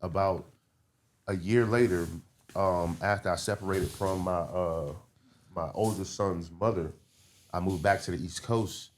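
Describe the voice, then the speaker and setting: A man from the Baltimore and DC area with a fairly low voice tells stories on a podcast. He is animated and loose, now and then dropping into quick city-voice impressions as he talks. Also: a little hiss or hum. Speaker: comedian guest. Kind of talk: casual podcast storytelling.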